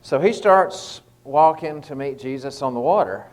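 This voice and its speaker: Guy doing a laid-back bible devotional, lots of uh's and restarts, middle-pitched voice. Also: fairly even intonation, normal speed, darkish tone, rough recording. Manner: conversational, with frequent fillers and restarts. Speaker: lay preacher giving a short devotional. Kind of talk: informal devotional talk.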